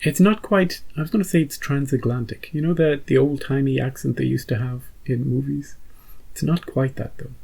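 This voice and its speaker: A man's voice: medium pitch, normal speed, vocal fry, a little mellow, husky, rough recording. A man hosting a reaction channel, chatting casually and rambling through an episode recap with many restarts. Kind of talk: casual post-episode chat.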